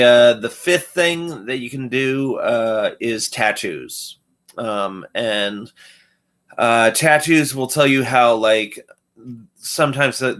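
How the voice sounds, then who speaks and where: A man's voice: fairly low pitch, pushed and bright. A man hosting a casual livestream, talking through a loose numbered list with many fillers and restarts. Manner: rambling, filler-heavy, loose list-by-list explaining. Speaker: livestream host.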